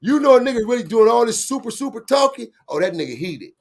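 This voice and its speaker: A middle-aged man with a Los Angeles street accent, telling a story in an animated, slangy way and acting out the voices of the people in it. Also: extremely high pitch, quick pace. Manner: acts out quoted voices, slangy, laughing asides. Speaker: guest storyteller, bounty hunter.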